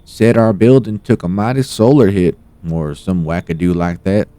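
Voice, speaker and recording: Southern US accent, wary evicted mama voiced by a man, raised pitch, folksy drawl. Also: steady tone, moderate pace, dark tone, clean tone, natural voice. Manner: folksy drawl, calls people darling. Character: evicted middle-aged Southern woman, wary and on the run.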